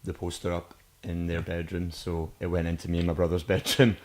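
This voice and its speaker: A man's voice: low voice, monotone, a little fast, darkish tone. A man hosting a podcast, chatting casually with a guest and teasing him with dry jokes. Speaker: podcast host. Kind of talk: casual chat.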